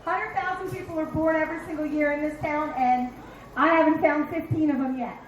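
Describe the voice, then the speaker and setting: Comic, woman, 50s, from Philly: very high voice, brash and profane, echoey bar stage. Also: fairly even intonation, fairly quick, muffled recording, a crowd in the background. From Philadelphia. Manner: brash, profane, punchy delivery with acted-out asides. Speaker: stand-up comedian. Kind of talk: stand-up comedy set.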